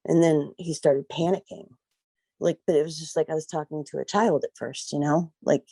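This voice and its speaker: A woman's voice: low-pitched, steady tone, moderate pace, mellow, breathy edge, dry recording, poor audio. A middle-aged woman recalling events as a guest, rambling and leaning on "like" and "you know". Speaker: guest, mother of a missing daughter. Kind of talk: emotional personal recollection.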